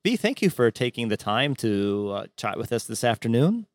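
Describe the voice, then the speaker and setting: A man's voice: medium pitch, very animated, normal speed, no room sound, studio quality. A man hosting a podcast, thanking his guest and carefully spelling out names in a friendly way. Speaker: podcast host. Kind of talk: interview wrap-up.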